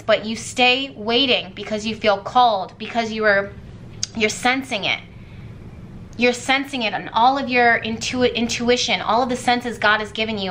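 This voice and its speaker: A woman's voice: on the high side, pushed and bright, a little hiss or hum, rough recording. A young woman doing a tarot reading to camera, talking earnestly and repeating her points for emphasis. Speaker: tarot reader.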